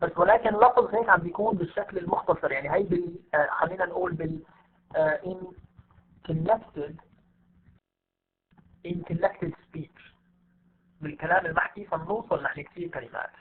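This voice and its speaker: High-voiced teacher on a tinny line. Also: male voice, racing, long pauses, a little hiss or hum. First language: Arabic. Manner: repetitive, explains step by step with many fillers. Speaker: English teacher. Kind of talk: online class lecture.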